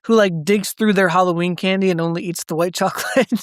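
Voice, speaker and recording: A man co-hosting a podcast in casual chat, brisk and joking as he steers the review. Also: sits high, steady tone, no echo, clean studio sound. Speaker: podcast co-host.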